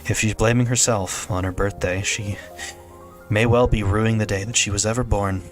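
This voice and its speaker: A man with a lowish voice narrating a visual novel for his stream, steady and plain, close on a desk mic. Faint music plays softly under his reading. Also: moderate pace. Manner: steady first-person narration with small restarts.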